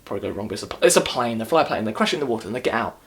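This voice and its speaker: A man's voice: fairly low pitch, animated, very fast. A man giving a casual, sarcastic movie review rant, rambling and restarting as he goes.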